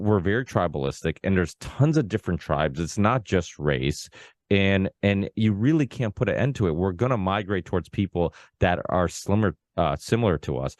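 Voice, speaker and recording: A man's voice: low voice, darkish tone, dry recording. A man hosting a podcast, talking in a rambling, casual way with many restarts and asides. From Portuguese background. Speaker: podcast host. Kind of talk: casual conversation.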